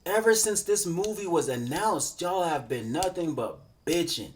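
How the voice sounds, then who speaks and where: A man's voice: a little high, lively intonation, moderate pace, a little hiss or hum. A man hosting a reaction video, ranting in exasperation and swearing often as his voice rises. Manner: exasperated, swearing, rising to shouts. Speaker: reaction channel host.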